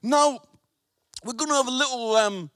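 A Scottish man preaching to a church congregation with a strikingly high voice. He talks in an animated, emphatic way and keeps checking in with his listeners. The sound is close and dry, with hardly any room around it. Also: normal speed, no room sound. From Scotland. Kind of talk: lively sermon.

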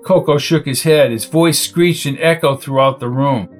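A man narrates a crime novel in a steady, even reading voice. His voice sits a little high for a man, and soft music plays faintly behind him. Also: moderate pace, hardly any pauses, rough recording. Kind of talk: audiobook reading.

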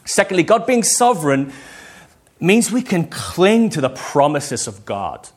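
Male pastor in his thirties, husky tone, fairly high voice; animated sermon delivery that calls for amens. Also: measured pace.

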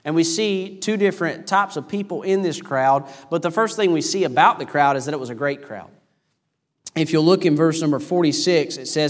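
A man preaching a sermon in a church, retelling a story in a lively, animated way. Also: fairly high pitch, moderate pace, in a large hall. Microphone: microphone over PA.

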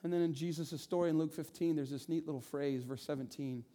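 A man in his forties preaching a sermon, telling stories in an animated way and voicing the people in them. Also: a little high, fast talker. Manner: animated storytelling with voiced asides. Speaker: pastor.

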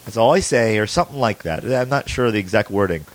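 A male podcast host with a lowish voice talks fast and animatedly while telling a long story in loose, casual chat. He swears freely, laughs, and keeps restarting his sentences.

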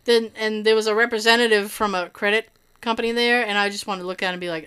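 A woman telling a long personal story in casual chat, animated, swearing and laughing often. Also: medium pitch, quick pace, clear, resonant tone.

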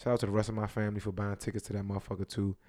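A man's voice: on the low side, flat delivery, racing, warm tone, no echo. A man co-hosting a podcast, laid-back and profane, often saying "you know what I mean". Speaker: podcast co-host. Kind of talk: casual chat.

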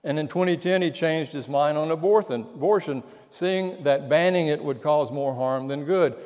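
A pastor delivering a sermon, telling stories and dropping to a hush at the key lines. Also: male voice, fairly high pitch, moderate pace, muffled recording. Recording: long church reverb.

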